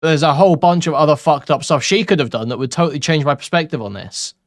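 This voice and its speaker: A man's voice: a little high, fast talker, no room sound. Dry-voiced man reacting casually. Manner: casual, profane, bemused. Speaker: commentary youtuber. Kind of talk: reading and reacting to messages.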